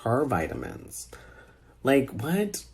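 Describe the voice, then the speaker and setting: A man's voice: medium pitch, wildly swooping pitch, takes it slowly, gravelly, slightly rough. A man chatting casually over a phone call, reacting to a video in an incredulous, sassy way.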